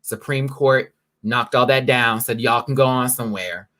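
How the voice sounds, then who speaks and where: A man's voice: mid-range voice, fairly even intonation, normal speed, pushed and bright. A man hosting his own live stream from his apartment, chatting casually and campily with drag slang. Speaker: live-stream show host.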